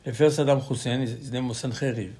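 A man leads a Torah class as lively storytelling. He acts out the quoted voices and breaks into sudden loud bursts. Hebrew terms run through his English, and his voice sits at a middle pitch. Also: quick pace.

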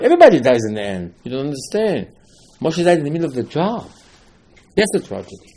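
Gravelly emphatic male rabbi. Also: a little high, wildly swooping pitch, fast, warm tone, slight background noise. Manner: emphatic, rhetorical questions, acts out dialogue. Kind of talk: Torah lecture.

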